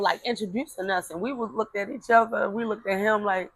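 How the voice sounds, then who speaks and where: A woman's voice: mid-range voice, steady tone, fairly quick, few pauses, a bit bright, slightly rough, no echo, poor audio. A woman speaking, telling a family story in casual talk, rambling with repeated words and fillers and acting out relatives' voices. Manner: acts out voices of relatives in quotes.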